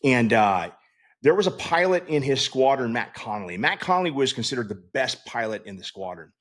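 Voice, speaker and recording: A man's voice: mid-range voice, sing-song, a little fast, fairly bright tone. A middle-aged man, a Navy veteran hosting his own show, tells a story in a casual, rambling way, with lots of fillers, restarts and swearing.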